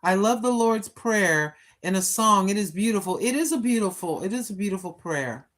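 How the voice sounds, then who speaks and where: A woman's voice: mid-range voice, expressive, normal speed. An older woman talking casually and preachily while live-streaming on a walk, recorded on her phone. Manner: chatty, preachy, talks to herself. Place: outdoors on a walk.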